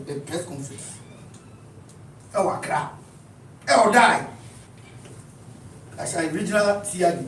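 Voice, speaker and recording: A man's voice: on the high side, slight background noise. A Ghanaian man giving an impassioned address at a meeting, speaking emphatically and mixing in English phrases, recorded in a room from a distant mic. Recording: echoey room, mic far off.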